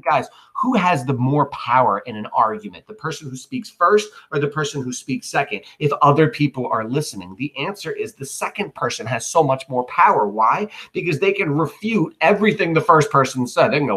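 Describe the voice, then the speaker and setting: A man's voice: mid-range voice, very animated, normal speed, fairly bright tone, breathy edge, poor audio. A male teacher explaining a play in a chatty way, with asides and rhetorical questions to his students. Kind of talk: classroom literature lesson.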